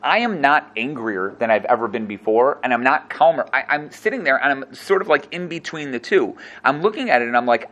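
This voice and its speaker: A man teaching a class on a scripture text. He reads Hebrew verses aloud and then explains each one in quick, lively English. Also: mid-range voice. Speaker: Torah teacher. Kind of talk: animated text-study class.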